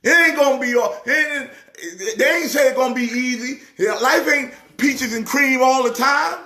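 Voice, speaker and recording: Pastor guy ranting about sports, high voice, keeps repeating himself, echoey room. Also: moderate pace. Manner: excitable, repeats words, preacher-like rhythm. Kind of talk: casual sports talk show.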